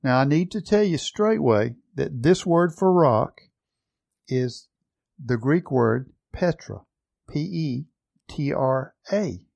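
A man's voice: mid-range voice, lively intonation, creaky, darkish tone, dry recording. A man preaching a sermon, teaching earnestly from the Bible and leaning hard on key words. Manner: earnest, emphatic Bible teaching with slow stressed phrases.

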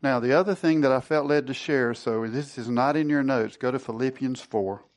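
A man's voice: mid-range voice, normal speed. A man leading a Bible study sermon, earnest and conversational, who often restarts and repeats words. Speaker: Bible teacher.

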